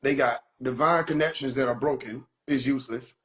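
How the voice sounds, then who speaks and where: A man's voice: medium pitch, fairly quick, noisy background. A man hosting a phone livestream, mocking people in a profane comedic rant. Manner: animated, mocking, swears constantly. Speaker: livestream host.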